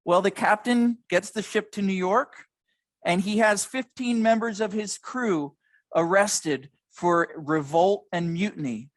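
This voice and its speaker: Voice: medium pitch, unhurried, no room sound, low-quality recording. A lecturer telling a history story in a dramatic way, stressing the key moments, at an evening museum lecture.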